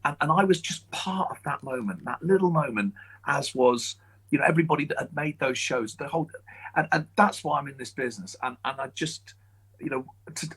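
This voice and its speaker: A man chatting as a guest, telling emotional stories in an animated, lively way. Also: fairly high pitch, a little fast, breathy edge, poor audio. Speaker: guest, children's TV presenter and magician. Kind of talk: casual chat, storytelling.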